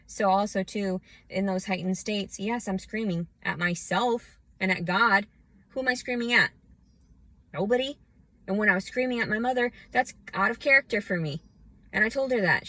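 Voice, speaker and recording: A woman vlogging a scattered, profane rant that swings from low muttering into shouting. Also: moderate pace, no echo. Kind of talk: ranting personal monologue.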